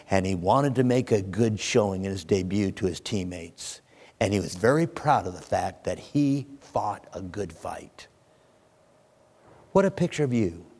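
A man preaching a sermon in a church, telling stories in a folksy, plainspoken and emphatic way. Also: medium pitch. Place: church sanctuary. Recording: long hall reverb.

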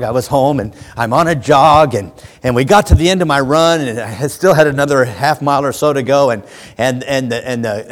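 A pastor preaching a sermon to his congregation. He tells a story and addresses his listeners directly, moving between hushed passages and booming ones. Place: church sanctuary. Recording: long hall reverb.

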